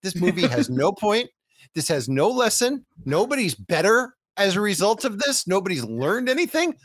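A man's voice: sits high, moderate pace, no echo. A man hosting a podcast, recapping a film in casual chat and acting out the characters' lines in a sarcastic, profane way. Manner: animated, acts out characters' lines while recapping. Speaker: podcast host.

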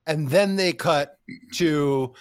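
A man's voice: on the high side, slow, smooth, no echo, clean studio sound. A man co-hosting a casual movie podcast, rambling and swearing freely as he recaps scenes. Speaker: podcast co-host. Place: Los Angeles.

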